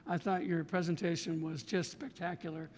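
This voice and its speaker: An American man hosting a podcast interview, effusive and halting, often restarting his sentences. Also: flat delivery, a little mellow. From United States. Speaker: podcast host. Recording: reverberant room with faint rumble.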